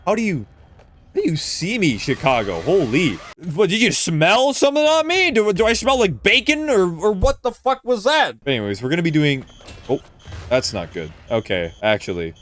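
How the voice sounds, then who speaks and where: Man, speedrun streamer, live gameplay commentary, swears a lot, bouncy pitch, slightly high voice. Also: normal speed. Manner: animated, swears freely, talks to chat.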